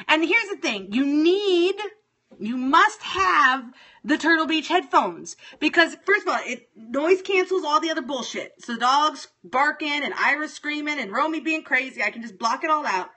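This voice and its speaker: A woman in her thirties, high-pitched and bright, venting on a phone livestream. She swears freely and swings between loud outbursts and quiet muttering. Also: animated, normal speed. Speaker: livestream host. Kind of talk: casual livestream rant.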